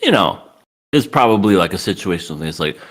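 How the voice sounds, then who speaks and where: A man with a low voice that swings widely in pitch, chatting casually as a podcast co-host. He laughs often and jumps into high, squeaky impressions of characters. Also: very animated, fast. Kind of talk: casual chat.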